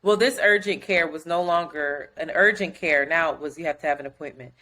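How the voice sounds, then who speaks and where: A woman co-hosting a podcast, telling a story in casual chat, animated and profane, acting out other people's quotes. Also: sits low, brisk. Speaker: podcast co-host.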